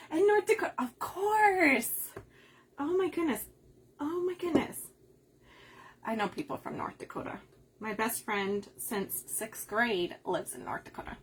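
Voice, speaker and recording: A woman's voice: mid-range voice, husky. A woman from the Upper Midwest hosting a craft livestream, chatting casually, laughing often and reading viewer comments aloud. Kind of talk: casual chat while crafting.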